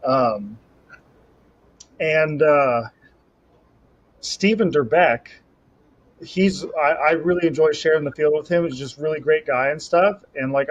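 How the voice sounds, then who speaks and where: Young guy rambling animated on a podcast, kinda high voice, dull lo-fi mic. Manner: rambling, animated storytelling with self-talk asides. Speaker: podcast co-host and Highland Games athlete. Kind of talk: casual chat. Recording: slightly dull lo-fi audio.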